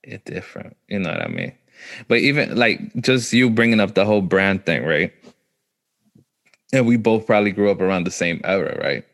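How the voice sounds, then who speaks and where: A man's voice: low voice, sing-song, normal speed, creaky, a bit bright. A man with a New York accent, chatting casually and telling stories in laid-back street slang. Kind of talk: casual chat.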